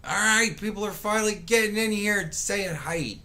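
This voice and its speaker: A man's voice: high voice, moderate pace, sharp tone. A man hosting a casual live stream, rambling and swearing, greeting viewers by name and poking fun at people with mocking impressions. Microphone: webcam setup with mic.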